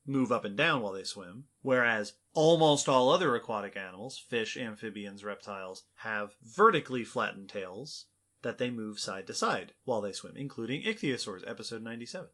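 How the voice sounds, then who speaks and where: A man's voice: fairly low pitch, expressive, fairly quick, a bit bright. A man co-hosting a science podcast, playful and explaining things step by step. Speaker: podcast co-host.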